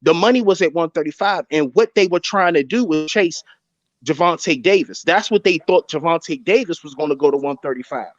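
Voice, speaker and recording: Speak insistently, a raised-pitch man arguing boxing. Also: a little fast, no echo. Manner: insistent, repeats his points. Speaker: boxing podcast panelist. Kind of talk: heated casual debate. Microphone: video call. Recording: dull lo-fi call audio.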